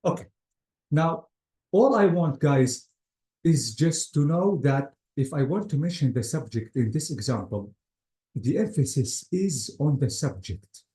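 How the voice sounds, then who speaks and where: A man's voice: on the high side, lively intonation, measured pace, mellow. A man teaching an English grammar lecture to a class, often repeating words and calling students "guys". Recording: roomy classroom echo.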